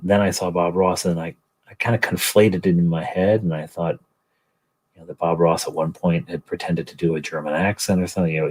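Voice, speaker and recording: A middle-aged man talks casually on a livestream, rambling and joking at his own expense. His voice is deep and a little husky. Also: a little mellow, rough recording. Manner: rambling, self-deprecating, joking. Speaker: livestream host. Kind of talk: casual chat while painting miniatures.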